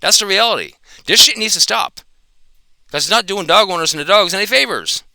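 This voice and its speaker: A man's voice: high-pitched, lively intonation, brisk, creaky, bright, forceful tone, dry recording, studio quality. A man giving an angry, profane reaction commentary, confronting another dog trainer.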